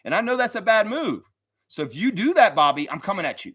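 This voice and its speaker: A man's voice: sits high, very animated, fast talker, pushed and bright, slightly rough, dry recording, studio quality. A man hosting a casual basketball livestream, reading chat messages aloud and reacting bluntly, with profanity and frequent laughter. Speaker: host of a daily basketball livestream.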